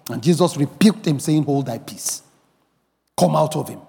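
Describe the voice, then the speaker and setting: A man preaching a sermon as pastor, emphatic, rising to shouts and bursts of song. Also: a little high, moderate pace, vocal fry, big-room sound. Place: church.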